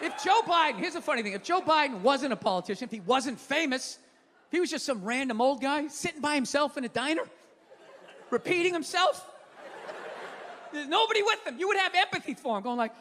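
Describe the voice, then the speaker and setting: Loud ranting stand-up comic man. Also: very high-pitched, lively intonation, a little fast. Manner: loud, exasperated ranting with profanity. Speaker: stand-up comedian. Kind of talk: stand-up comedy rant. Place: comedy stage before a live audience. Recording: live show with crowd noise. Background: audience laughter and applause.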